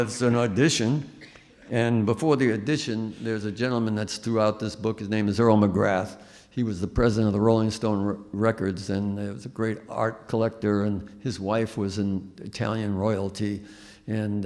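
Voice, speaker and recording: An older man from the Bronx, an animated storyteller at a live book talk. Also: fairly low pitch. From the Bronx, New York. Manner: animated storyteller who acts out voices. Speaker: guest musician and author. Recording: reverberant hall.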